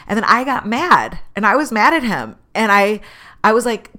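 A woman telling a personal story in a candid, animated way, acting out the voices of people in it. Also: mid-range voice, fairly quick. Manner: candid, animated, acts out quoted dialogue.

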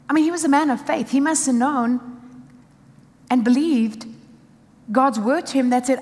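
A woman's voice: high voice, normal speed, pauses often, in a large hall. A woman preaching a sermon with emphasis, driving points home in short repeated phrases.

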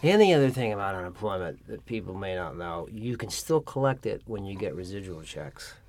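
A man's voice: low voice, big pitch swings, fairly quick, a little mellow. A middle-aged man, a guest actor, chatting casually and telling stories about his career, acting out old conversations. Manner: storytelling, acts out past dialogue. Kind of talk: casual interview chat.

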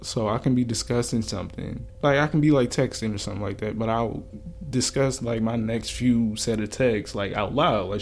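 A man's voice: mid-range voice, fairly quick, vocal fry, slight background noise. A man co-hosting a casual chat podcast, telling stories in a loose, profane, laid-back way. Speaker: podcast co-host.

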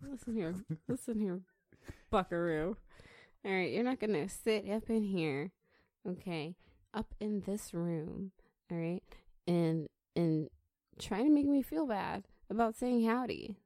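Young woman, podcast host, slow drawn-out delivery, playful, dry close mic. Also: mid-range voice, expressive, dark tone, dry recording. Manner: playful, mock-cowboy greetings, drawn-out intros. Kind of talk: casual podcast banter. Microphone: studio podcast mic.

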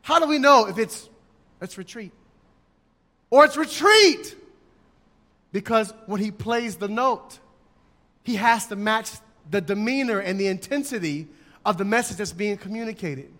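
A male preacher with a high voice delivers a sermon emphatically, acting out his examples in raised voices. His words ring out with a long echo, as if recorded in a church hall. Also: lively intonation, moderate pace, fairly bright tone.

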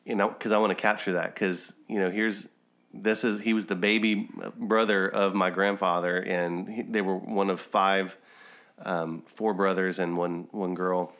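A man's voice: low voice, flat delivery, unhurried, fairly bright tone. A man chatting casually on a podcast, telling a rambling family anecdote with occasional chuckles. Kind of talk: casual conversational storytelling.

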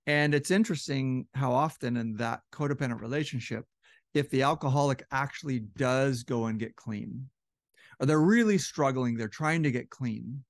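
A man's voice: mid-range voice, no room sound, studio quality. A man talking casually about relationships, often acting out quoted partners, his voice a little strained. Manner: conversational, acts out quoted couples with shifting voice. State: slightly strained voice. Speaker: relationship educator. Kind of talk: casual explanatory talk.

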